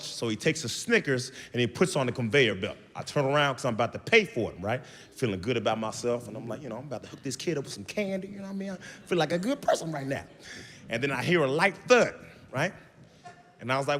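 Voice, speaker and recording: A man doing a stand-up set on stage, animated and acting out the people in his stories. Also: medium pitch, quick pace. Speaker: stand-up comedian. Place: comedy stage. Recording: live venue with big reverb and crowd. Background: audience laughter and crowd noise.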